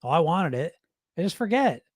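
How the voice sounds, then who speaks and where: Middle-aged male host, higher voice, dry close sound, blunt and profane, chatty. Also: animated, fairly quick, no room sound. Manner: candid, swears freely, acts out his inner voices. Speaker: weight loss hypnotist, show host. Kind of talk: casual livestream talk.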